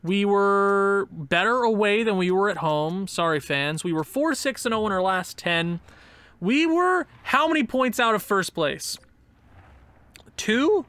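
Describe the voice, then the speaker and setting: A man's voice: high-pitched, animated, unhurried, fairly bright tone, clear, resonant tone, no room sound. A man giving casual commentary over a sports game, sarcastic and exasperated, with bursts of pained laughter. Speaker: gaming YouTuber.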